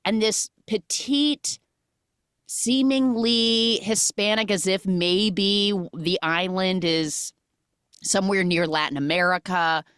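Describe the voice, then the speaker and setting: A woman hosting a podcast, recapping a film in a casual, animated way with lots of "like" fillers. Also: mid-range voice, slow pace, clean tone, no echo, clean studio sound. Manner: animated storytelling with frequent "like" fillers. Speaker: podcast host.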